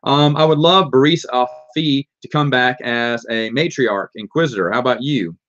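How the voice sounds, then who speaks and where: A man's voice: mid-range voice, moderate pace, fairly bright tone. A man with a Southern accent hosts a live question-and-answer stream, reading viewer questions aloud and talking them over in a loose, rambling way. His voice sits in a middle range. The sound is dull and lo-fi, like cheap stream audio. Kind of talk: casual live Q&A.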